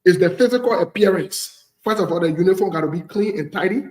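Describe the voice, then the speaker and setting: A Liberian man hosts a casual talk show in a bold, blunt manner. His voice sits high for a man, and he drives each point home by repeating it. The recording sounds roomy, with a clear echo. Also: fast, darkish tone. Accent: Liberian English. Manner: blunt, preachy, repeats phrases for emphasis. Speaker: host.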